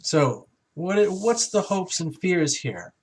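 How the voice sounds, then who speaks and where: A man giving a casual, rambling tarot reading, animated and exclamatory as he talks to his viewers. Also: sits high, slow, husky. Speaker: tarot reader.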